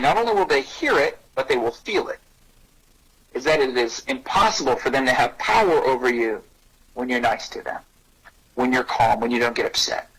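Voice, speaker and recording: Husky-voiced man coaching parents. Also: low-quality recording. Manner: energetic, acts out little dialogues with rising pitch. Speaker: anti-bullying speaker and parenting coach. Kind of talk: parenting talk to an audience.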